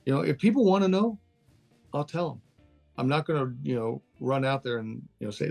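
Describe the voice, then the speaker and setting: Gravelly-voiced older man, candid and chatty. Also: mid-range voice, brisk, a little mellow, soft background music. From Texas, USA. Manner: candid, laughs easily, loose and chatty. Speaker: guest. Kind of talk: casual interview over a call.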